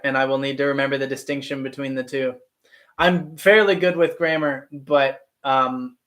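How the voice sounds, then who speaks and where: Reading viewer comments aloud and replying with self-deprecating humor, this professional actor keeps his livestream chatty and casual. His voice is fairly high-pitched and fairly bright.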